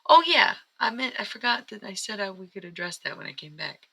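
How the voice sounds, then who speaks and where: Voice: mid-range voice, lively intonation, fairly quick, creaky, bright, forceful tone, poor audio. A live-stream psychic and astrology reader talking in a casual, rambling, chatty way, often breaking off mid-sentence. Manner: rambling, chatty, self-interrupting.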